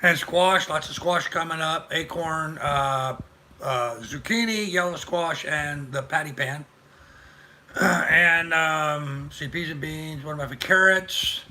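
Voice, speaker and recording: Older male host, rambling live chat, very bright voice, pitched a bit high. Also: slow, slight background noise. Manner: rambling, chatty, greets viewers. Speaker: livestream host. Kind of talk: casual live-stream chat.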